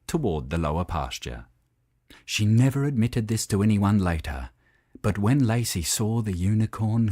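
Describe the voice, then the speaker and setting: A man's voice: medium pitch, no room sound. Man reading a kids story, voice swooping up and down, very dry close sound. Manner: expressive, playful storybook reading. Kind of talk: scripted children's story narration.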